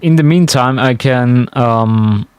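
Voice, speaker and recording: A man's voice: medium pitch, takes it slowly, clear, resonant tone, dry recording. A man chatting casually to his stream viewers while playing, musing aloud as he goes. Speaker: game streamer. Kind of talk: casual live-stream commentary.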